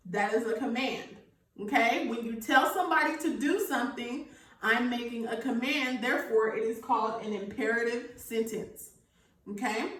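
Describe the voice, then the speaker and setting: Woman teacher, higher voice, patient and repetitive, very echoey room, some distance from the mic. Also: unhurried, fairly bright tone. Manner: patient, repeats okay after each point. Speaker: elementary school teacher. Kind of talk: recorded remote grammar lesson.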